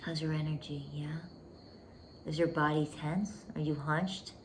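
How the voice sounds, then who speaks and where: Low-voiced woman podcast host coaching intimately. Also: level tone, a little slow, a little hiss or hum. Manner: intimate, emphatic, calls listener "baby", drops to whispers. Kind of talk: relationship coaching monologue.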